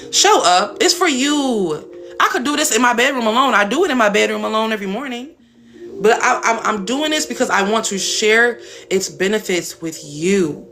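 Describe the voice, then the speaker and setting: A woman's voice: a little high, a bit bright. A woman hosting a live stream as a spiritual coach, talking casually and bluntly with some cursing. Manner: blunt, chatty, swears casually.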